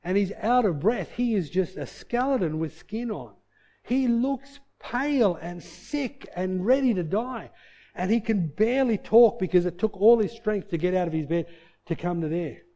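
A male preacher with a fairly high voice, delivering a sermon. His delivery swings widely, sinking to hushed, low lines and then climbing to shouted peaks. He tells stories with a preacher's rhythm. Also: lively intonation, normal speed. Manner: storytelling, shifting between soft low passages and loud shouted peaks.

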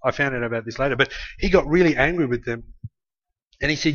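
A man's voice: medium pitch, fast, fairly bright tone. An Australian man preaching, telling a family story in a loose, conversational way with many restarts. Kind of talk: sermon storytelling. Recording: slightly muffled lo-fi recording.

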